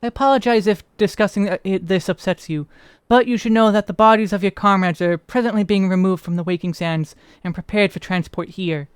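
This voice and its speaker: A man reading out a grave, courteous official who chooses his words with care. His voice is fairly high and clean, close and dry. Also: steady tone, brisk, clean tone, no room sound, lightly acted. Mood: solemn. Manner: formal, careful speech. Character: solemn, courteous male official offering condolences.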